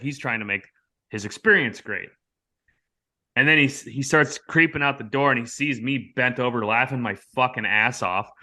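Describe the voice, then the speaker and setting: An American man in casual conversation, animatedly telling a prank story and acting out the lines of the people in it. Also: mid-range voice. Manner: animated storyteller, acts out quotes loudly.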